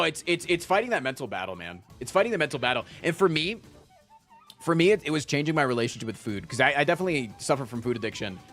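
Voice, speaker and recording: A male streamer talks loosely to his chat, rambling and joking, with plenty of "man" thrown in. His voice sits in an ordinary middle pitch. Faint music plays behind him. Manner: rambling and animated, jokey, with frequent "man". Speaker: live streamer. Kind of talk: casual chat with stream viewers.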